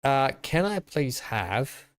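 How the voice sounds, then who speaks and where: A man's voice: mid-range voice, big pitch swings, slow pace, dry recording. Chatty Australian man streaming a game. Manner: rambling, chatty, greets chat viewers by name. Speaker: live streamer. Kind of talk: casual live-stream commentary while playing.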